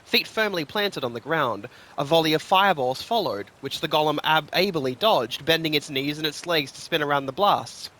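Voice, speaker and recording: Man, lore reader, expressive storyteller, bright, slightly high voice. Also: normal speed, hardly any pauses. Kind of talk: scripted fantasy story reading.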